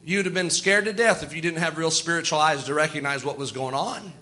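A man's voice: on the high side, a little fast, pushed and bright. A man preaching a sermon in a folksy, storytelling way. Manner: folksy, storytelling, chuckles often.

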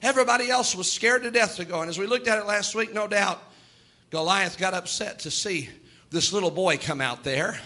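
Man preaching, very high voice, piercing bright tone, fiery, shouting at peaks. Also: a little fast. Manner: impassioned, rising to shouts; plays out quoted voices in his telling. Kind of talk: sermon.

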